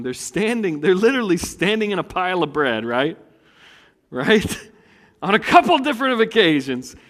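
A middle-aged man, preaching a conversational sermon after a quiet prayer. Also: on the high side. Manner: conversational, folksy, swings from hushed prayer to animated preaching. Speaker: pastor. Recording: long reverb in a hall.

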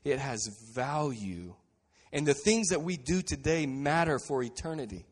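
Man, pastor, sermon, mid-pitched voice, earnest, quiet emphasis, long echoing hall reverb. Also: animated, measured pace. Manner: earnest preaching, drops to quiet emphasis on key phrases.

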